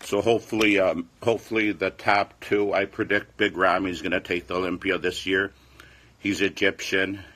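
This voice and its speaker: A man's voice: low-pitched, level tone, normal speed, sharp tone, slight background noise. A man in his forties, a fitness vlogger, chatting casually and rambling defensively, repeating himself. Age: 40s. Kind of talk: casual livestream chat.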